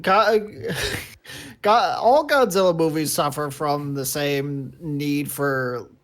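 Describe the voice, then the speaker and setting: A man's voice: fairly high pitch, takes it slowly, fairly bright tone. A man co-hosting a podcast in casual chat, laid-back, mostly giving short agreeing replies. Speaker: podcast co-host.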